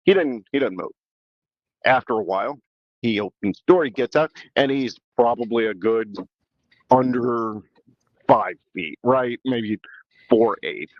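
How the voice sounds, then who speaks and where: A male podcast host tells a story in a loose, rambling way and keeps restarting his sentences. His voice sits in a middle pitch range. The recording is dry and a little dull. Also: no room sound. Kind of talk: casual chat, storytelling.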